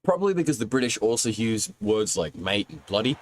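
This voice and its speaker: A young Australian man with an Australian accent, sick and sounding rough, chatting casually to his stream while he plays and often laughing. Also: fairly low pitch, big pitch swings, a little fast, slight background noise, poor audio. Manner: rambling, laughs often, talks to chat while playing. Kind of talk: casual gaming stream chat.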